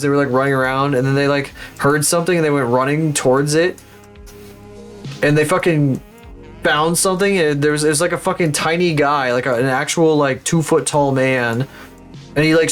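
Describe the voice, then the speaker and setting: A man's voice: a little high, normal speed, soft background music. A man chatting casually on a livestream, rambling, swearing freely and laughing at his own stories.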